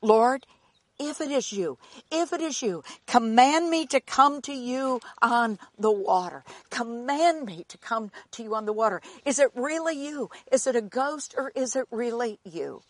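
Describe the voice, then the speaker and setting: A woman preaching, acting out Peter as an anxious man calling out across the waves, urgent and pleading. The voice lifts in pitch with each question, recorded dry and close. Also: lively intonation, unhurried, few pauses, no echo.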